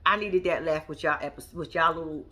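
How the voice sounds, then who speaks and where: A woman's voice: low-pitched, brisk. A woman giving blunt, profane casual commentary on a reality TV show, talking straight to her viewers and laughing often. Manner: animated, talks straight to viewers. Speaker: reality TV recap vlogger.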